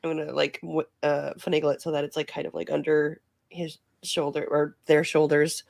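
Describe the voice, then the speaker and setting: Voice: medium pitch, level tone, brisk, creaky, no echo, studio quality. A player in a tabletop game, describing actions in a rambling, hesitant way full of fillers.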